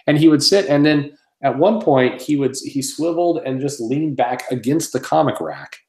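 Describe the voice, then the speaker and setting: A man's voice: medium pitch, expressive, normal speed, a little mellow, echoey room. A man who owns a comic shop, chatting casually and telling rambling stories with plenty of swearing and laughter. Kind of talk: casual podcast chat.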